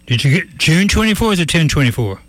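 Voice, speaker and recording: A man's voice: fairly high pitch, sing-song, a little fast, a bit bright, dry recording. A man hosting a call-in talk radio show, blunt and opinionated, a little scratchy in the voice.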